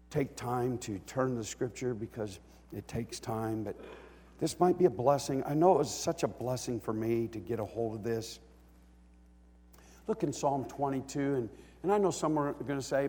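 A man preaching a sermon as a pastor, swinging from quiet talk to loud bellowing as he acts out a psalm writer's cries. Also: medium pitch, big-room sound.

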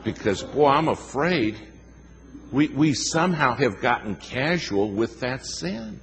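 A man preaching a sermon in a folksy, emphatic way, telling stories and slowing down to stress his points. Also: mid-range voice, expressive, vocal fry, in a large hall, slight background noise. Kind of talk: sermon with storytelling.

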